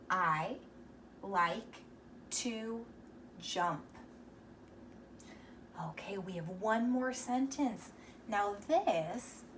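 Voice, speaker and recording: A woman's voice: fairly high pitch, a little mellow, a little hiss or hum. Encouraging woman teacher, slightly distant mic. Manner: slow, encouraging, sounding out words sound by sound. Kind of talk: reading lesson for young children.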